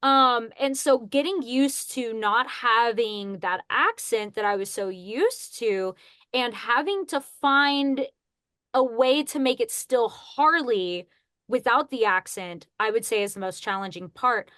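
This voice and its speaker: A woman's voice: a little high, slow, a bit bright, no echo, clean studio sound. A young woman, a voice actress, chatting as a guest on a podcast in a bubbly way and laughing at herself. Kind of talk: casual podcast interview.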